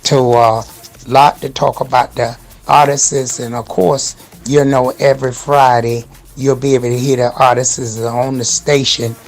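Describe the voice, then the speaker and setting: A man hosting a casual radio show, giving shout-outs in an upbeat, loose and slangy way. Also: mid-range voice, flat delivery, unhurried. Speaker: radio host.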